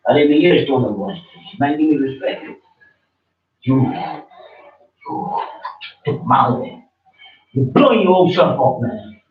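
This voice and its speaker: A man's voice: medium pitch, expressive, measured pace, long pauses. A man preaching informally in blunt, slangy, confrontational talk to a listener. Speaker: religious teacher. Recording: distant, roomy, dull audio.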